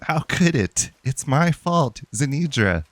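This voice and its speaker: A man's voice: medium pitch, big pitch swings, takes it slowly, no room sound, voice pushed up. A man voicing a frightened young male priest in a video game, stammering and pleading between sobs. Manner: sobbing, stammering pleas.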